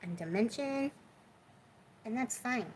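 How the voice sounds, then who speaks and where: A woman's voice: a little high, expressive, slow, a little hiss or hum, poor audio. A woman hosting a crafting video, chatting casually and with self-deprecating humor as she works in her home craft room. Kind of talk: casual crafting chat while working.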